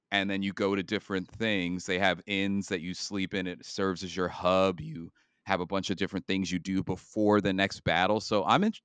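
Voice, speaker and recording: A man with a low, resonant voice talks casually on a gaming podcast. He rambles and restarts his sentences often. The sound is close and dry, with no room around it. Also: a bit bright, clean tone, no echo. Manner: rambling, with many fillers and restarts. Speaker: podcast co-host.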